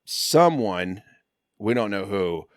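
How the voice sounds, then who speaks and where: A middle-aged man with a fairly low voice tells a long story in a loose, casual way. He is animated and slangy and acts out the other people's lines. His voice sounds dry and close, with no room around it. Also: slow, no room sound. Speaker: guest.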